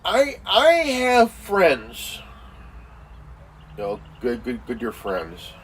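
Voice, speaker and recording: A man's voice: medium pitch, huge pitch swings, extremely slow, fairly bright tone, far from the mic, a little hiss or hum, low-quality recording. A man ranting casually with heavy swearing, repeating himself and leaning on fillers like "you know" and "man". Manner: crude, swearing, insulting. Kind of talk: profane casual rant.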